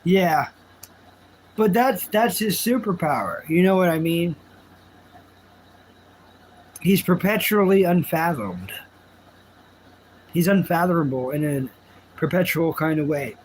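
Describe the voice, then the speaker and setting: Man, high voice, live streamer, casual rambling chat, self-mocking jokes. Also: animated, takes it slowly, pauses often, a little hiss or hum, low-quality recording.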